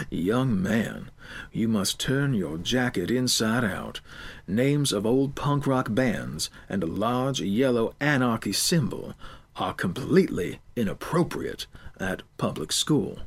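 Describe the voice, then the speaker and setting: A man voicing a crooked older female school guard who talks slowly and slyly. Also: medium pitch, sing-song, creaky, slightly rough, full character voice. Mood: gloating. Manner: slow, sly, extorting.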